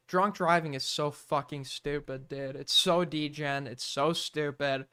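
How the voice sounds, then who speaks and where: A man's voice: fairly high pitch, steady tone, slow pace, sharp tone, smooth. Blunt, profane male streamer. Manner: blunt, profane, exasperated ranting. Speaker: streamer reacting to videos. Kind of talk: live-stream reaction commentary.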